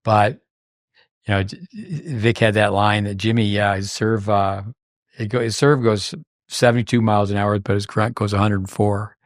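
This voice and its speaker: A man's voice: lowish voice, steady tone, moderate pace, dry recording, studio quality. An older man hosting a podcast, telling long rambling anecdotes full of fillers and restarts in casual chat. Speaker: podcast host.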